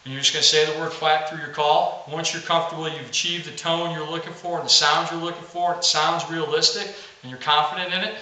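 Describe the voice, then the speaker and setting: Bright-voiced man teaching duck calling, very echoey. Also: a little high, fairly even intonation, brisk, far from the mic. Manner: plain, practical teaching, saying quack aloud to demonstrate. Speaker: duck call instructor. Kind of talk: instructional how-to video.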